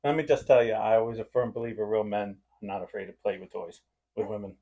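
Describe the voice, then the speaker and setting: A man's voice: lowish voice, fast talker. A man co-hosting a casual podcast chat, telling rowdy stories with laughs. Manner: animated, laughing storyteller. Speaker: podcast co-host.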